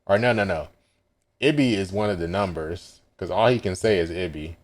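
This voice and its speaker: A man's voice: sits low, normal speed. A man casually recapping a manga chapter as he reacts live, hesitant and full of ums and self-corrections.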